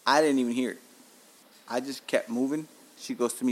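Male podcast host, 30s, mid pitch, casual, profane, animated storyteller. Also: fairly quick. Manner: profane, animated, tells stories with acted-out quotes.

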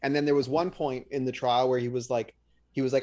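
A man's voice: medium pitch, fairly even intonation, a little fast, warm tone. Rambling man retelling events. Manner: rambling, restarts, retells trial scenes with quoted lines. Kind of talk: casual chat.

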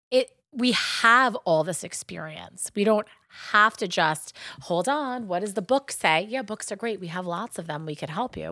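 A woman with a Long Island accent co-hosting a podcast in casual chat, chatty and animated, often asking "right?". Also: fairly low pitch, no room sound, clean studio sound. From Long Island, United States. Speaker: podcast co-host.

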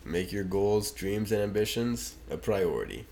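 Gravelly deep-voiced man, podcast co-host. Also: expressive, unhurried, mellow, slight background noise. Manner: laid-back, agreeable, short replies. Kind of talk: casual chat.

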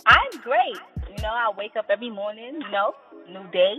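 A young adult woman from New York with a New York accent, a rapper talking casually in an interview with lively, slangy, singsong delivery. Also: medium pitch, normal speed, faint music behind, poor audio. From South Jamaica, Queens, New York. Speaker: rapper guest.

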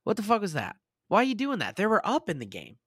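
Animated joking young man, lively pitch. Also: fast talker, breathy edge, no room sound, clean studio sound. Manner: animated, joking, swears often, laughs a lot. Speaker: podcast co-host. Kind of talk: casual sports chat.

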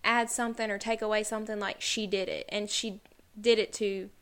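Bright-voiced woman telling stories. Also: medium pitch, little pitch movement, a little fast, smooth. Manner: rambling storyteller, heavy use of "like". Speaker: podcast co-host. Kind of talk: casual podcast chat.

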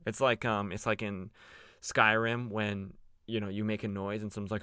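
A man's voice: lowish voice, steady tone, brisk, a bit bright, clean tone, no echo, studio quality. A young man casually retelling a comic story as a podcast host, loose and chatty with lots of fillers. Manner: loose and chatty, many fillers, playful voices for quoted characters. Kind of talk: casual comic recap with acted quotes.

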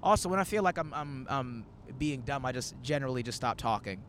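A young man in his twenties chats loosely from inside a moving car. He tells stories in a rambling, animated way and slips into quoted asides, his pitch sitting in an ordinary middle range. A faint road rumble runs underneath. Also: fairly quick. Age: 20s. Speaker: comedian hosting a road-trip podcast. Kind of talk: casual chat.

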